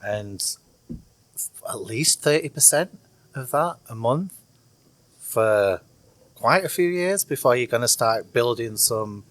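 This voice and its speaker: Male guest, Northern English accent, mortgage professional, brisk, casual podcast chat. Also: medium pitch, animated, dry recording. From north of England.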